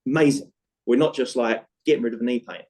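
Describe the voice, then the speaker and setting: Animated man telling a client story. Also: mid-range voice, fast talker, poor audio. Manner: animated, repeats "right?" to check in, acts out dialogue. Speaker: guest, movement coach for chronic pain. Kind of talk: conversational podcast storytelling.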